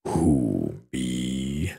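A man voicing a hungry male dragon in a children's story, slow and rumbling. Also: big pitch swings, vocal fry, warm tone, husky, no echo, studio quality, exaggerated voice. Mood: menacing. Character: hungry deep-voiced male dragon, menacing.

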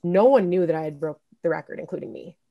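A young adult woman, a guest on a podcast interview, telling stories in a casual, lively way and laughing often. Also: on the low side, fast, lo-fi sound. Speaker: interview guest, former college swimmer. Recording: podcast audio.

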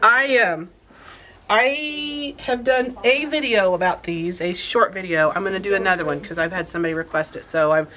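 A woman's voice: mid-range voice, moderate pace, sharp tone. A middle-aged woman hosting a casual show-and-tell in a craft shop, bubbly and rambling, often sidetracked. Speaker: quilt shop host.

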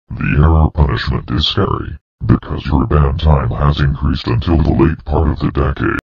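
A male text-to-speech voice playing a furious purple dinosaur scolding the user, with a flat robotic delivery. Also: lo-fi sound, heavily acted. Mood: menacing. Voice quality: very deep, gravelly synthetic voice.

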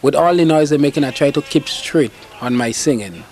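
A man, a calypso singer answering interview questions in a relaxed, dialect-tinged way. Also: a little high, brisk, a little hiss or hum.

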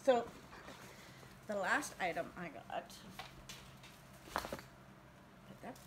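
A woman's voice: medium pitch, expressive, drawn-out words. A woman from Canada hosting a casual beauty unboxing vlog at home, chatty and enthusiastic. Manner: chatty, enthusiastic, talks baby-talk to her dogs. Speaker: beauty channel host. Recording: home video with clear background noise.

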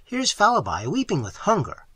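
A man's voice: high-pitched, wildly swooping pitch, normal speed, a bit bright, breathy edge, no echo, pitched above the performer's own voice, heavily acted. A man reading an audiobook, voicing a hearty, jovial young male artist who teases his friend. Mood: teasing.

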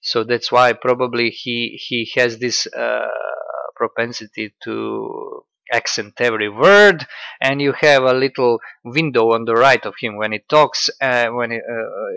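Man, slow halting commentary, sardonic, gravelly, dry sound. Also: mid-range voice, fairly even intonation, sharp tone, no room sound. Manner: halting, full of fillers, sardonic. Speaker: political commentator. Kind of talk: casual video commentary.

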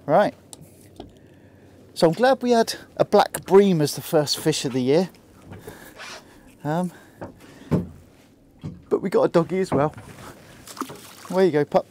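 An easygoing man with a Hampshire accent chats his way through a fishing trip from a small boat, his voice a touch high but mellow and soft-edged. Faint outdoor noise hangs behind him. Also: measured pace, long pauses. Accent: Hampshire English. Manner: chatty and easygoing, talks to the fish and the viewer. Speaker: angler vlogger. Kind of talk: casual running commentary while fishing.

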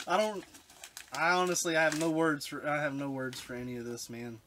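A retro game collector unboxes games for his vlog in a fairly high, steady voice, talking a little fast. He's overwhelmed and choked up, often trailing off mid-sentence, over background hiss and clicks.

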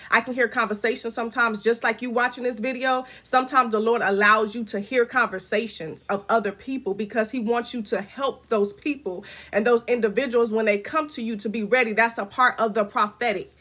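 A woman's voice: a little high, steady tone, a little fast, hardly any pauses, a bit bright. A woman ministering prophetically straight to camera, talking casually and then rising into fervent declarations and prayer, often repeating her words. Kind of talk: informal prophetic preaching to camera.

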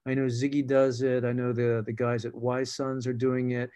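Brief: a man guest, loose and rambling, with a soft, dark voice at a middle pitch. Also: level tone, normal speed, clear, resonant tone. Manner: rambling with many fillers and restarts. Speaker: film director and guest. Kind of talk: casual panel talk.

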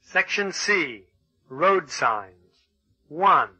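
A man reading English textbook exercises and passages in a measured, announcing way. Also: a little high, expressive, bright, forceful tone, husky, no room sound, low-quality recording. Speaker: textbook audio reader. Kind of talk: scripted textbook narration.

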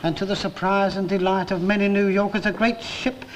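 A man's voice: sits high, flat delivery, fairly quick, a little hiss or hum, lightly acted, low-quality recording. An actor playing a small, hapless working-class man who tells a grand, rambling story with comic mock-grandeur in a 1960s television sitcom. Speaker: sitcom lead. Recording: old TV recording, loud studio audience laughter. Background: roaring studio audience laughter.

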